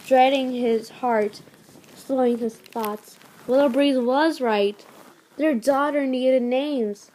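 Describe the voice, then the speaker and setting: A woman's voice: sits high, darkish tone. A woman reading a story aloud as host, stumbling often and restarting words.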